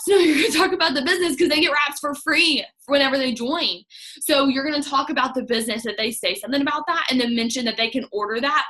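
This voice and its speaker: Bright, chatty young woman. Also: high voice. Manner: chatty and upbeat, filler-heavy with lots of "like". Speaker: direct sales team leader. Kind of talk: casual coaching talk.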